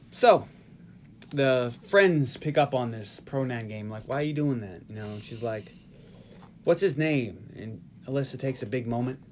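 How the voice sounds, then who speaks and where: Man recapping a movie, animated. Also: medium pitch, slight background noise. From Northeast US. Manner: animated retelling of scenes, frequent laughs. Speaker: podcast host. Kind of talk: casual movie recap chat.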